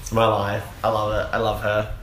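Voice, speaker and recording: Low-voiced man gushing in a roomy space. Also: monotone, fairly quick, a bit bright, a little hiss or hum. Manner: gushing, enthusiastic, full of "like" fillers. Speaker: podcast co-host. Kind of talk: casual chat. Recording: roomy echo.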